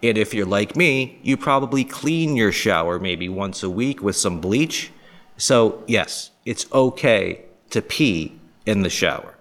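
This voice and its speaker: A man from the area hosting a podcast, rambling through crude, jokey topics with quick mocking voices. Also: on the low side, fairly bright tone. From Boston area, US. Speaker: podcast host. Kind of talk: casual monologue.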